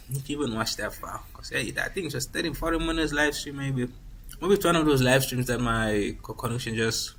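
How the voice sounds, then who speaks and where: A man's voice: medium pitch, fairly bright tone, slight background noise, poor audio. Rambling man narrating a football management game. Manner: rambling, repeats himself, frequent restarts. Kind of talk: casual gameplay commentary.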